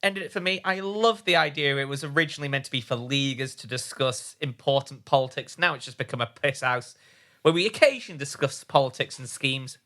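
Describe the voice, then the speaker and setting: Male co-host, wry and sweary, bright tone, casual banter. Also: mid-range voice, a little fast. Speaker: podcast co-host. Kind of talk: casual chat.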